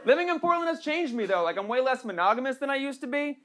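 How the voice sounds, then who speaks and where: A young trans woman performs stand-up in a small club, brash and sarcastic, tagging her jokes with quick asides. Her voice sits very high. The live recording carries clear room noise and laughter from the crowd. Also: sing-song. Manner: brash, sarcastic, punchy delivery with frequent "right?" tags. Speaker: stand-up comedian. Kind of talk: stand-up comedy set. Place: small comedy club stage. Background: audience laughter.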